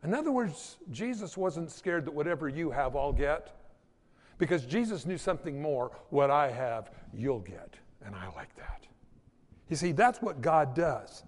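Male pastor, high and animated delivery, echoing hall, storytelling sermon. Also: normal speed. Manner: storytelling with quoted voices and asides.

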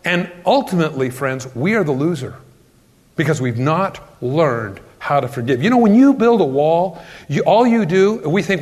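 Animated preacher man in a reverberant hall. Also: fairly high pitch, normal speed. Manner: animated preacher, asks questions and answers them. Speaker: pastor. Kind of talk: sermon.

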